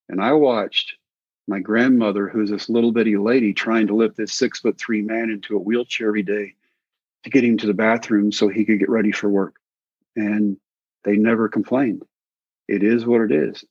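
A man with a husky, slightly breathy voice, talking as an interview guest about his time as a baseball coach and pitcher. He tells folksy anecdotes and acts out the other voices in them. The recording is dry and a little dull. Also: darkish tone, no room sound. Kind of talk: animated storytelling in an interview.

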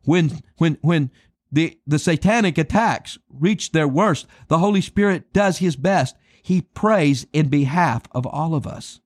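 A man preaching a sermon, emphatic and dramatic, slowing down to stress key words and calling his listeners beloved. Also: on the high side, no echo, clean studio sound. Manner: addresses listeners as beloved and friends.

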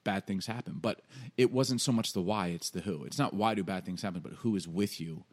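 A man co-hosting a podcast, talking earnestly and openly about grief and faith, growing animated when he reads passages aloud. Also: low-pitched, a little fast. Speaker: podcast co-host. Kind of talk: candid conversational podcast talk.

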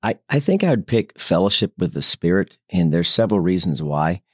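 A man with a low, husky voice talks through a casual Bible study with a co-host. He tells church anecdotes in an earnest, animated way. The recording is dry and close, with no room sound. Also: brisk, dry recording.

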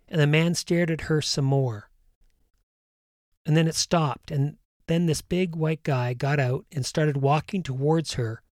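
A man hosting, earnestly retelling a story and guiding a calm breathing meditation. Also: fairly high pitch, no echo, studio quality.

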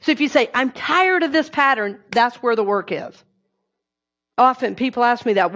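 A woman's voice: a little high, normal speed. A woman giving a conversational sermon and leading the congregation in affirmations. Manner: warm, conversational preaching with affirmations. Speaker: minister.

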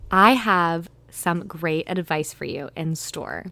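A woman's voice: on the low side, wildly swooping pitch, slow pace, bright, forceful tone, dry recording. A young American woman hosting her podcast, telling a story in a chatty, giggly way with playful asides. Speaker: podcast host. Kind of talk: casual storytelling monologue.

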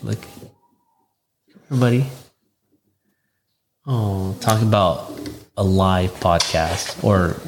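Low-voiced tired man co-hosting. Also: takes it slowly, long pauses, background noise. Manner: relaxed, fillers, repeats catchphrase. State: tired, late at night. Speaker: podcast co-host. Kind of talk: casual chat.

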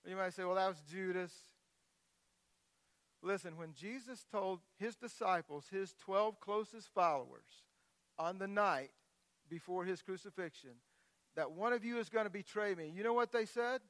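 A middle-aged man preaching a sermon as a pastor, moving from quiet scripture reading into loud, impassioned outbursts. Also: high voice, moderate pace, no echo.

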